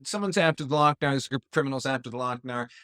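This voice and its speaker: A man's voice: medium pitch, quick pace, fairly bright tone, no room sound. Man chatting on a dry close mic. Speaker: podcast co-host. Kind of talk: casual chat.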